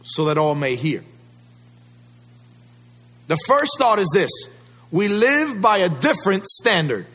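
A man's voice: high voice, big pitch swings, slow pace, pauses often, a bit bright. A male pastor preaching a sermon, emphatic and fond of rhetorical questions to the congregation.

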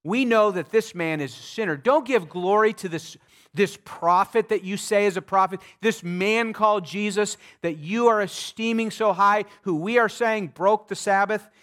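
A man's voice: high voice, normal speed, fairly bright tone, voice pushed up. A man voicing indignant, scornful male religious leaders in a raised, haughty tone.

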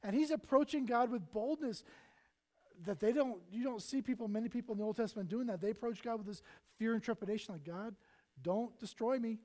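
Talking fast in a high-pitched voice, this pastor delivers a heartfelt sermon that surges loud and then falls almost silent. He dramatizes prayers and biblical characters as he goes.

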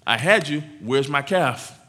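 A man voicing a resentful older brother who complains loudly and indignantly. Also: medium pitch, lively intonation, moderate pace. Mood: aggrieved.

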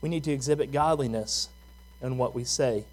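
This sermon comes from a male pastor with a mid-range, slightly mellow voice who talks a little fast. His preaching is relaxed, woven with personal anecdotes and questions put to the audience.

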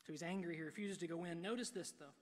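A man preaching a sermon from a church pulpit, swinging between hushed and loud delivery. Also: a little high, fast. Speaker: pastor. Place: church sanctuary. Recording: long reverb of a large hall.

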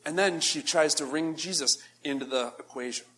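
A man preaching a practical sermon, animated and emphatic, swinging from loud bursts to soft, low asides. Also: normal speed.

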